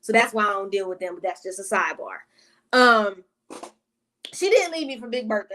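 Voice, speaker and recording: A woman's voice: mid-range voice, animated, fairly quick, sharp tone. A woman vlogger telling a personal storytime in casual, profane talk that keeps drifting into side tangents aimed at her viewers.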